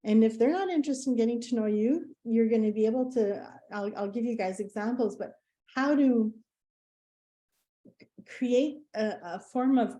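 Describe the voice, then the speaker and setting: A woman giving a casual presentation, chatty and full of fillers, acting out bits of dialogue as she tells anecdotes. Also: on the high side. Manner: animated, acts out quoted dialogue. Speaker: presenter at a community meetup.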